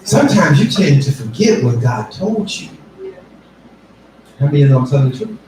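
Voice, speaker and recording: A male pastor preaching a sermon, rising to shouted fervor and calling for responses from the congregation. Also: a little high, big pitch swings, normal speed, slight background noise. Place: church sanctuary. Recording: echoey church from far off.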